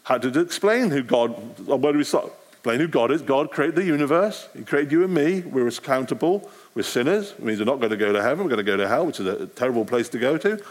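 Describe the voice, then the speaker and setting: A middle-aged man, a street evangelist, giving an animated talk to a church audience. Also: mid-range voice, fast talker. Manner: animated, acts out street conversations.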